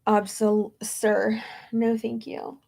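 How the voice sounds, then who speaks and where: A young woman speaks slowly in a fairly high, mellow voice with vocal fry and little pitch variation. In this casual chat she answers viewers' questions, wandering off on tangents with plenty of fillers.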